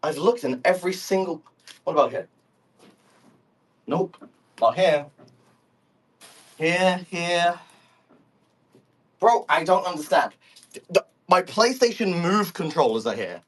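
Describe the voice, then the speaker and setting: A man's voice: fairly high pitch, a bit bright, husky. A man streaming live, talking into a phone microphone from a step away in his room at home, rambling in exasperated, baffled bursts and swearing. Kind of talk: casual live audio chat.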